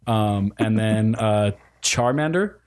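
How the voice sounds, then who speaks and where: A man's voice: fairly low pitch, takes it slowly, darkish tone. A man in a casual group chat, joking and stumbling as he searches for names, with many fillers.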